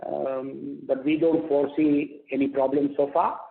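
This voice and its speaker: A man's voice: fairly high pitch, level tone, creaky. Man, Indian English accent, executive answering earnings call questions, hesitant with fillers, phone-line sound. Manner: halting, many fillers and restarts. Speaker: company executive answering analysts.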